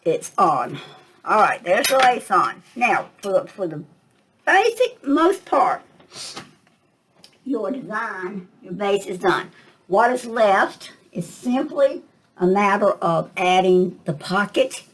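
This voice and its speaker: On poor audio, an older woman with a husky, medium-pitched, sing-song voice chats slowly through a craft tutorial. She thinks aloud with fillers as she works and coughs slightly at times.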